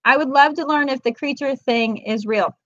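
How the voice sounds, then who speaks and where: Talking at a moderate pace in a high-pitched voice with no room sound, this woman hosts a casual weekly live chat for moms. A chatty storyteller, she acts out her friend's quoted lines and calls viewers "girl"; the webcam recording is dull, dry and lo-fi.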